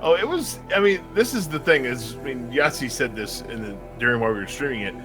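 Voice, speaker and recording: A man's voice: medium pitch, expressive, fast. A man co-hosting a game stream, chatty and self-deprecating, reading comments from the chat. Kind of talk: casual banter on a game stream. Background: game music.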